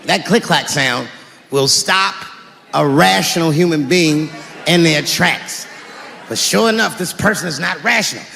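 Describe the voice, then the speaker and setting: A man doing stand-up comedy, telling stories in an animated way and slipping into character voices. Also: fairly high pitch, measured pace, gravelly. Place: live stage before an audience. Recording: live hall recording with crowd ambience.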